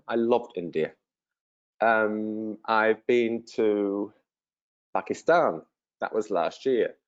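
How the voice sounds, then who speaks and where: Male, 50s, from England, English teacher; slow, clear, patient delivery with fillers, lowish voice. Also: a little mellow, lo-fi sound. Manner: friendly and encouraging. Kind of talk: slow, simple self-introduction to language learners.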